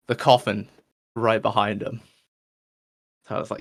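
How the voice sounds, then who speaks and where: Unhurried and level in tone, a man hosting a podcast works through a long rambling joke in a fairly low, slightly bright voice. His storytelling is loose and casual, packed with whooshing sound effects.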